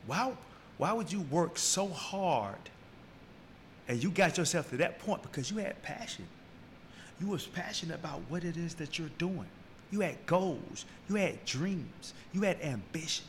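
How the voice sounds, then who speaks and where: A man hosting a podcast, giving a preachy motivational talk, repeating key lines and building from slow and low to loud and high. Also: slight background noise. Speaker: podcast host.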